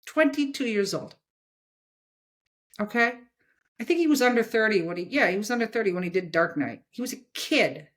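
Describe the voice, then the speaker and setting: Woman in her sixties, interview guest, animated, emphatic, mid-pitched. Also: normal speed, long pauses. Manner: animated, emphatic, tags points with "okay?". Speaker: guest, comics editor. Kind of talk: casual interview chat.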